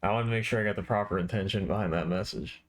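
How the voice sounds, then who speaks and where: A man's voice: fairly low pitch, fast talker. Laid-back man chatting on a stream. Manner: rambling, playful, chatting with viewers. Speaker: art streamer. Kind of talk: casual live-stream chat.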